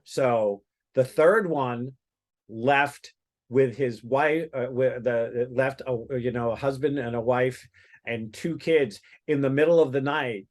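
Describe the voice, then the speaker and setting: A man's voice: medium pitch, slow pace. A man, a psychic medium guest on a podcast, telling a personal story casually, with many fillers and restarts.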